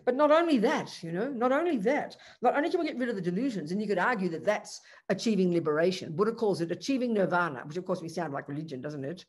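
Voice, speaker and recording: A woman's voice: medium pitch, lively intonation, quick pace, hardly any pauses, husky. Earnest woman teaching as a Buddhist nun. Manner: earnest, conversational, rhetorical questions; frequent restarts and 'you know' asides. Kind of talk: Dharma teaching to a group.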